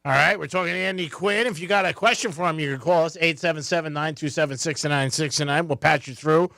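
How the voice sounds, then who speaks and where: A man's voice: a little high, fast, creaky, bright, forceful tone, no echo, studio quality. A man hosting a radio talk show, asking long rambling questions in a chatty way. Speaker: radio host. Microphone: studio mic.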